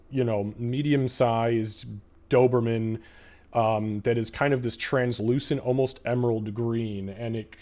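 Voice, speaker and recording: A man narrating a tabletop game as game master in a relaxed, filler-heavy way. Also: mid-range voice. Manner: relaxed, many fillers, laughs.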